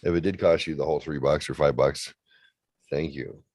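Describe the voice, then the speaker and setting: A man's voice: very deep voice, fairly even intonation, moderate pace, darkish tone, dry recording. A man co-hosting a comedy show over a remote call, telling a bawdy story and acting out the other people's lines with playful relish. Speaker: co-host. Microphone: remote video call.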